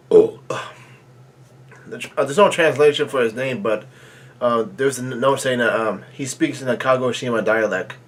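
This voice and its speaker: A man of ordinary pitch reads pages aloud and reacts to them live. He stumbles and pads his reading with fillers, then breaks into excited exclamations. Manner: halting, filler-heavy reading with excited outbursts. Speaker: manga reaction channel host.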